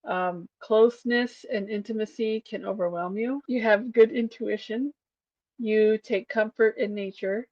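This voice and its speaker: A woman co-hosting a casual podcast who talks softly and reads through a list, relating each point to herself. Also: medium pitch, steady tone, unhurried, no room sound, muffled recording. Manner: soft-spoken, reads points then relates them to herself. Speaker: podcast co-host. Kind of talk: casual chat, reading a list aloud.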